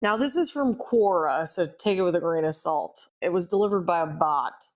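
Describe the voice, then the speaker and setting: A woman co-hosting a podcast in casual chat, animated and quick to laugh or play exasperated. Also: on the low side. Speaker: podcast co-host.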